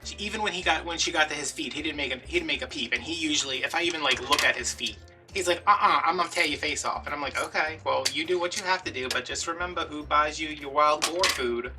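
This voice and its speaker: A man, chatting and telling an animated story while he makes a craft at home. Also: fairly high pitch, fast talker, recorded from a distance, music in the background. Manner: chatty, animated, acts out quotes. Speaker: craft vlogger.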